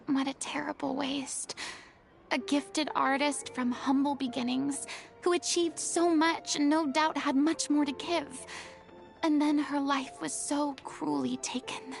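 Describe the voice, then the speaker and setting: A grandiloquent former stage diva. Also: female voice, high-pitched, fairly even intonation, slow pace, vocal fry, faint music behind, exaggerated voice. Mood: sympathetic. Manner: theatrical, flowery and dramatic. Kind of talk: video game voice acting.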